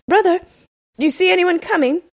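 A woman voicing a frightened young husband who pleads and cries out in a high voice. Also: fairly quick, no echo, clean studio sound. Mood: pleading.

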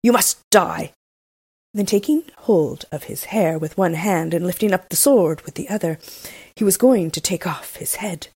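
A woman reading a fairy tale aloud, steady, with small slips. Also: lowish voice, moderate pace, husky, no room sound. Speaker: storyteller.

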